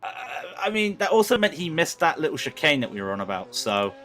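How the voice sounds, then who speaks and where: Excitable male co-commentator for a sim race, a bit high-pitched, stumbles over words. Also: brisk, slight background noise. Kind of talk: live sim-racing commentary.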